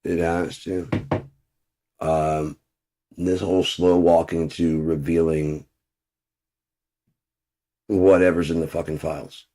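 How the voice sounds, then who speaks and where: A man with a very low, deep voice ranting into the camera. He swears in nearly every sentence and drops into muttered asides between his complaints. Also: little pitch movement, slow pace, pauses often, mellow. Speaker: vlogger. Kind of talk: profane ranting monologue.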